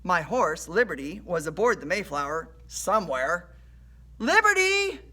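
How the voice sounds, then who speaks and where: A woman reading a children's adventure story aloud in an animated storytelling way. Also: low-pitched, normal speed, breathy edge. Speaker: storybook reader.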